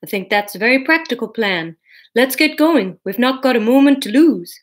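A woman voicing a grave, practical man who speaks in a measured way while reading a storybook aloud. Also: fairly high pitch, expressive, voice pushed up, lightly acted.

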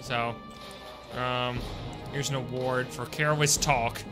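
A man's voice: medium pitch, fairly even intonation, slow, over music. A young man streaming a video game, chatting casually and joking with his viewers. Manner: chatty, jokey, talks to chat. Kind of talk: casual gameplay commentary.

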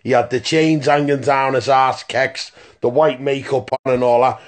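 A man's voice: medium pitch, steady tone, normal speed. A man telling a rambling, profane story in a phone voice message, stopping often to ask "right?". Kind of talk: casual voice-note anecdote.

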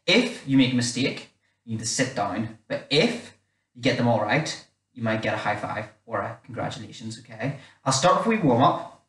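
His voice is medium in pitch and a bit bright as he leads kids through a church game, chatty and instructional, saying "wee" over and over. It's recorded in a dark, echoey church hall with the mic at a distance.

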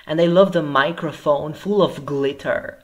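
A man's voice: on the high side, measured pace. A man hosting a reaction video, talking in effusive, exclamatory bursts of praise. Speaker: YouTube reaction host.

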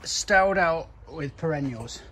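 Working outdoors, a nursery owner talks casually and bluntly, swearing freely. His fairly high voice is animated and a bit bright, though his pace is slow, and the recording is noisy with outdoor sound.

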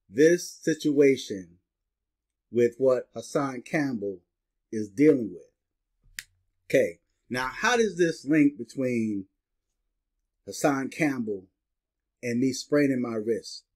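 A man's voice: mid-range voice, a little mellow. A middle-aged man with a slight lisp, talking casually straight to his viewers and checking in with "right?" and "okay?". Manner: chatty, repeats "right?" and "okay?". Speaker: vlogger. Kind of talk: casual monologue to camera.

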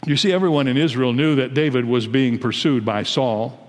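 An American man in his eighties, a pastor giving an emphatic, deliberate sermon in a large church. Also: medium pitch, big-room sound. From United States. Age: 80s. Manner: emphatic, deliberate preaching that rises into pleading when quoting prayers.

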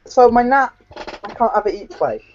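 A woman's voice: on the high side, very animated, brisk, darkish tone. A woman on a casual panel chat, playful and protesting. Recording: muffled audio with faint hiss.

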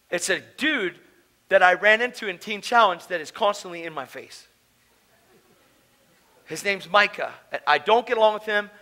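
His voice is high, and the recording sounds rough. He is a man giving his personal testimony at a conference, swinging from soft storytelling into loud, emotional shouts.

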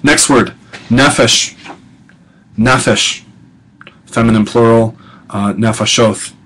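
A male professor giving a recorded lecture, talking conversationally, repeating each vocabulary word slowly and adding casual asides. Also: mid-range voice, fairly even intonation, a bit bright, husky, low-quality recording.

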